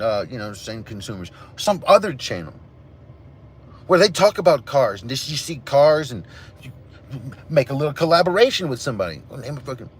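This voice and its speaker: A man rants hotly at his livestream chat, cursing freely as his pitch leaps up and down. His voice sits a little high for a man. A faint hiss of noise runs underneath. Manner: profane, heated, ranting. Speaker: livestream host. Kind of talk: angry livestream rant to chat.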